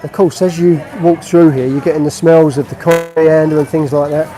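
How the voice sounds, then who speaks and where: A man's voice: fairly high pitch, fairly even intonation, moderate pace, mellow, low-quality recording. A man from England chatting casually on a live stream while he walks through an outdoor market, explaining what he shows. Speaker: vlogger.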